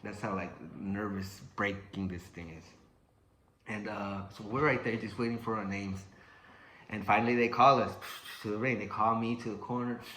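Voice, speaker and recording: Bright-voiced young man telling a story. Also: on the low side, moderate pace, roomy sound. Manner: swearing, animated, acts out sounds and quotes. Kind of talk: casual spoken storytelling.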